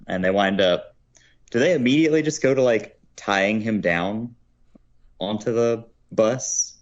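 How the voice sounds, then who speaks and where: Guy cohost with a lowish voice chatting about an episode, kinda muffled audio. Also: a little slow. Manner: loose, storytelling, fillers like "like" and "you know". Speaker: podcast co-host. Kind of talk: casual chat recapping a cartoon episode.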